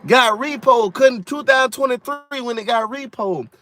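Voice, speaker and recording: A man's voice: very high voice, moderate pace, fairly bright tone, soft background music. A man giving an emphatic, repetitive faith testimony in a casual vlog. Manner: preachy, emphatic, repeats himself. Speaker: vlogger sharing testimony.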